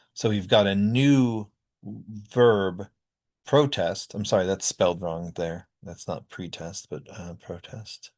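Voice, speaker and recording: Low-voiced man explaining phonetics. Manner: explanatory, frequent uh and um fillers. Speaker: linguistics lecturer. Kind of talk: recorded classroom lecture.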